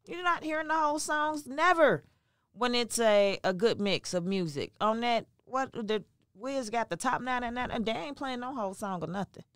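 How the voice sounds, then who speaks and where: A woman co-hosting a casual talk show, chatting in an animated, emphatic, slangy way. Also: fairly high pitch, normal speed, smooth, no echo, studio quality. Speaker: podcast co-host. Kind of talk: casual chat.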